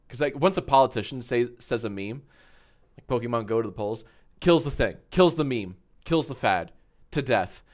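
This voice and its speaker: A man in his thirties chatting casually on a live stream, tipsy from wine, rambling, joking and swearing freely from a home studio. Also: medium pitch. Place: home studio with green screen.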